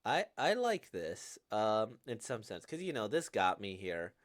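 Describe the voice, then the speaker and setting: A man's voice: fairly low pitch, very animated, unhurried. A man hosting a casual manga reading reaction, hesitant and full of fillers, laughing often.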